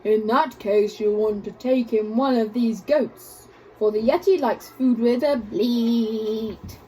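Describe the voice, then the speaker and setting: Woman doing a slow growling lady monster. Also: a little high, mellow, soft background music, poor audio. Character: grumpy growling female monster, insulted.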